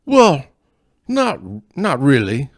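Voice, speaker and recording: A blustery, quarrelsome Scotch-Irish man, played by a man putting on a hammy brogue, barks his lines loud and high above a natural speaking voice. The brogue is gruff and quick-tempered. The sound is dry and close, with no room echo. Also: big pitch swings, exaggerated voice. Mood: gruff, belligerent. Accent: put-on Scottish-Irish brogue.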